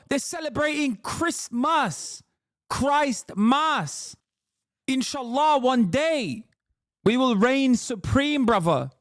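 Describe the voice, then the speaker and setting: A man voicing an aggressive male fundamentalist podcaster with a South Asian London accent, drawn-out and preachy. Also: very high voice, no room sound, studio quality, voice pushed up, full character voice. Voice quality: drawn-out, preachy, blustering delivery.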